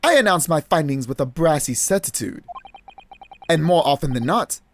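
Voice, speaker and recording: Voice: medium pitch, expressive, normal speed, a little hiss or hum, close to an everyday voice. A player voicing a pompous, eccentric British male detective in a put-on British accent, in a grandiose, theatrical manner. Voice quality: grandiose, theatrical, over-enunciated. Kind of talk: let's play voice acting.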